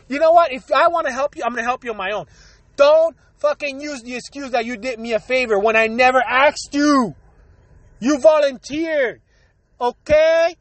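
A man with a strikingly high voice goes on a profane, heated solo rant as host of his own show. He is still getting over a cold and coughs now and then. The sound is dry and close, with no room around it. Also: fairly bright tone, dry recording. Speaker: podcast host.

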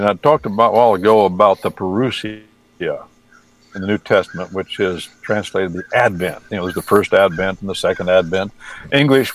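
A man's voice: low voice, low-quality recording. A man who translates the Bible, talking casually on the radio and teaching with folksy, wry asides.

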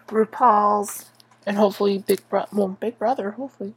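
This young woman's voice is medium-pitched and fairly even, at normal speed with slight background noise. Hosting a podcast, she gives a casual TV monologue that rambles and keeps halting and restarting, swearing freely in a tired, strained voice.

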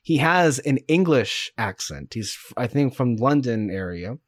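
A man's voice: medium pitch, sing-song, unhurried, no echo. Male podcast co-host, mid voice, unsure and rambling, dry sound. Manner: hesitant, many fillers and self-corrections. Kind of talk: casual chat.

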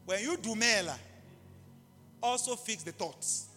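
A man preaching a live sermon in an impassioned way, repeating key phrases and bursting into shouts. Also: high voice, animated, normal speed. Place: large church hall. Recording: live hall reverb with faint music.

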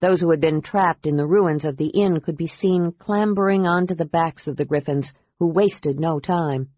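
A woman reading a fantasy novel aloud as audiobook narrator, with a measured, steady delivery. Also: low-pitched, dry recording. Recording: dull dry audiobook recording.

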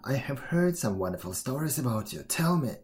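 A man voicing a big, slow, gullible male bear in a storybook reading, in a gruff, blustering manner. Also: mid-range voice, very animated, a little mellow, a little hiss or hum, lightly acted. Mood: gruff, doubtful.

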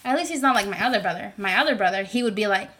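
A young woman hosting her own podcast, rambling and animated with plenty of fillers. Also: medium pitch, very fast. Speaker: podcast host. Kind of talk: casual podcast monologue.

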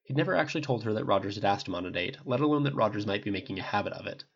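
A man giving steady scripted audiobook narration on a dull lo-fi recording. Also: on the low side, very fast, breathy edge.

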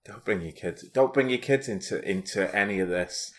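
A man's voice: fairly low pitch, moderate pace. A man in a casual chat, answering bluntly and doubting his co-host's stories. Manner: dry, blunt, sceptical.

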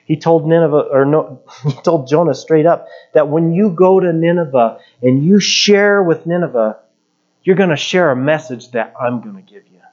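A man's voice: on the high side, normal speed, a little mellow, muffled recording. A middle-aged male pastor giving a sermon in a conversational, plainspoken way.

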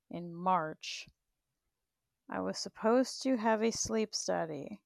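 A woman in her thirties talks on her livestream in a blunt, profane, rambling way. Her voice is gravelly with plenty of fry. She speaks at an unhurried pace, and the sound is close and dry. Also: mid-range voice, dry recording. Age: 30s. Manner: blunt and profane, laughs often. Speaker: livestream host. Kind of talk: candid rambling livestream chat.

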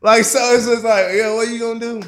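A young man in casual chat, telling a long story in a rambling, profane, slang-filled way with many fillers, and laughing loudly at the funny parts. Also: very high voice, little pitch movement, fast.

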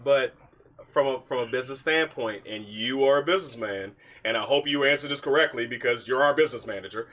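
A man hosting a podcast in casual chat, animated and teasing, laughing often. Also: mid-range voice, fast, a little hiss or hum. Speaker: podcast host.

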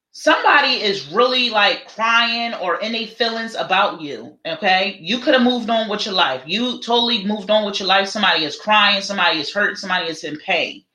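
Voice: medium pitch, pushed and bright. A tarot reader doing a live reading, talking in a chatty, dramatic way and calling viewers honey and child. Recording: roomy echo.

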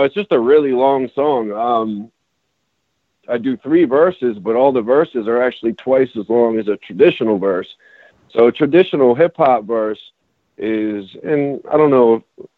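A man's voice: medium pitch, no room sound. Man talking over a tinny phone-like line. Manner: rambling, restarts often, explaining. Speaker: rapper and songwriter guest. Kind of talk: casual podcast conversation.

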